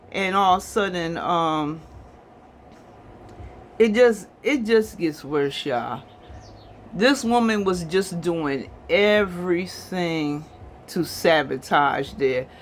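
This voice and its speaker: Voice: mid-range voice, a bit bright, a little hiss or hum. A movie reviewer casually recapping a film's plot in a rambling, chatty way, talking to viewers as y'all.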